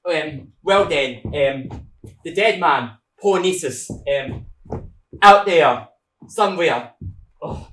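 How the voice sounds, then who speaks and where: A man acts out a jittery sentry in a stage play, stumbling over his words with ums and false starts as he dreads his report. His voice is a touch high for a man and rings out in a roomy, echoey space. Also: lively intonation, takes it slowly, pauses often, a bit bright, a little hiss or hum. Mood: nervous. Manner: hesitant, stammering, full of ums and restarts. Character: nervous rambling male sentry bringing bad news. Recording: echoey room.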